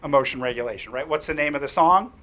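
A male presenter tells a lively story to a workshop audience and then questions the room. His voice sits a little high and bright, and his speech is animated, with plenty of ums and restarts. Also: fast talker. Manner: animated, anecdotal, frequent fillers and restarts.

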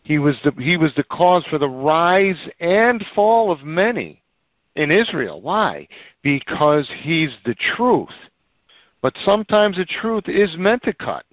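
A man co-hosting a religious talk show, preaching with emotion, pausing on many fillers. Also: on the high side, no echo. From Italian heritage. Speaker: co-host. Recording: dull lo-fi dry sound.

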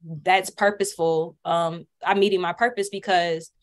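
A woman's voice: lowish voice, steady tone. A young woman, a caterer, speaking candidly at a community workshop panel and often stopping to restart her sentences. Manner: earnest, candid, with halting restarts. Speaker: caterer and business owner. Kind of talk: panel discussion storytelling.

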